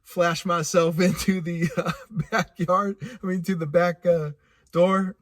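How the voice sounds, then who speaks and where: A man telling a personal story casually, animated and laughing, with vivid sound effects. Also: high voice, a little slow, dry recording, clean studio sound. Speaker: speaker.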